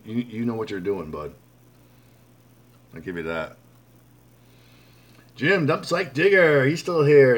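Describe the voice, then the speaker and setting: A man of medium pitch runs a loose, chatty live stream, greeting viewers one by one and calling them bud. He rambles, stumbles over names and restarts his sentences often. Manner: rambling, reads viewer comments aloud; frequent fillers and restarts. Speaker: livestream host. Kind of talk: casual live-stream chat.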